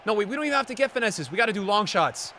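A man streaming live gameplay commentary, sarcastic and bantering and often yelling at the game. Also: high voice, expressive, racing, slight background noise. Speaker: gaming streamer.

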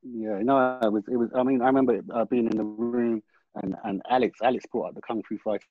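A man, a screenwriter, speaking casually on a panel in a loose, relaxed way. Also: mid-range voice, fast talker, dry recording, phone-quality sound, soft background music. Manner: relaxed, loose, full of fillers like "like". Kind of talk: panel discussion.

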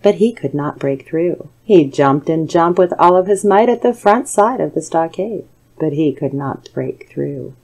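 Soothing, mellow woman storyteller. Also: low voice, expressive, gravelly, rough recording. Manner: soothing, measured. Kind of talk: calm bedtime story narration.

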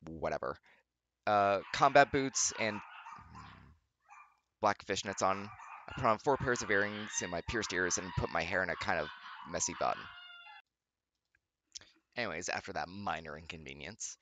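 A man's voice: low voice, moderate pace, pauses often, noisy background. A young man reading fan fiction aloud, breaking off often with sarcastic remarks and laughter. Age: young adult. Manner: sarcastic, laughs often, stumbles over words. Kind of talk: reading aloud with mocking commentary.

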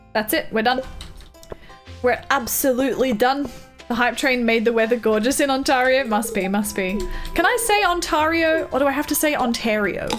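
A woman live-streaming a farming game, chatting casually, reading and answering her chat with frequent giggles. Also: a little high.

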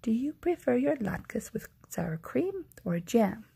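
A woman voicing a kindly, fussy old grandmother in a whispered role-play, soft, doting and chatty. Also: on the high side, big pitch swings, slow, creaky, slightly rough, heavily acted. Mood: cheerful.

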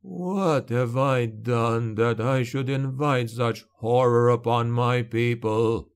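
A man voicing a frail old male patriarch who speaks with a lisp, slow and pleading in despair. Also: medium pitch, clean tone. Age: older.

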